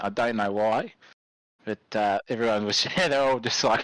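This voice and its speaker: A man's voice: medium pitch, normal speed, a bit bright, no room sound, low-quality recording. A man with an Australian accent, chatting bluntly and jokingly as a race organiser, swearing freely. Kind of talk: casual chat.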